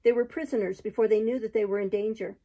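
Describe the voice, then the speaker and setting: A woman's voice: medium pitch, steady tone, fast talker, highs cut off, close to an everyday voice. Woman reading as grave Little John. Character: grave loyal male outlaw lieutenant.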